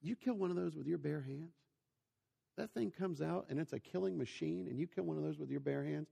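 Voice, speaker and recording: A man in his forties preaching a sermon in a large hall with a long echo. His voice sits a little high and has a gravelly edge. He talks like he is telling stories to friends, often asking the listeners questions. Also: brisk, warm tone. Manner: storytelling, conversational, rhetorical questions to listeners.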